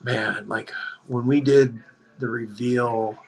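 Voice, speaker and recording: A man telling a story on a podcast, in a rambling, animated way, leaning hard on "like.". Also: medium pitch, slow, vocal fry, poor audio. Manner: rambling, animated, heavy use of "like". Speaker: podcast guest. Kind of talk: casual storytelling chat.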